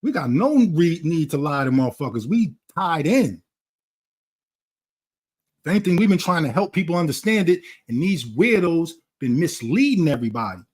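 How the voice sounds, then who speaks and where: A man's voice: a little high, very animated, moderate pace, breathy edge. A man talking in a blunt, profane, lecturing way during a casual conversation. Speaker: channel host.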